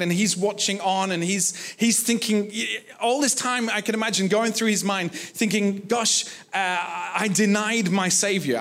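A man preaching a sermon, retelling a story in a reflective way, with frequent pauses and restarts. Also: high-pitched, a bit bright.

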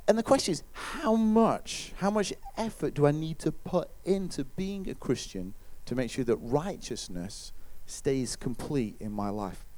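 A man preaching a conversational sermon, now and then acting out what his listeners might say. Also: a little high. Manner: lively, conversational, acts out listeners' voices.

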